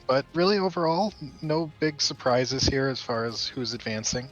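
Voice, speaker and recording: A man co-casting a live stream, speaking in a measured way with lots of hesitant ums. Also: mid-range voice, lively intonation, fairly bright tone, lo-fi sound, soft background music. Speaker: co-caster.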